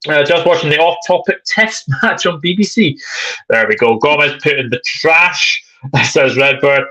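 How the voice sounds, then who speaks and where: A man's voice: on the high side, moderate pace, sharp tone, dull audio. A man hosting a live football chat stream, reading viewer comments aloud in a chatty way. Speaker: host.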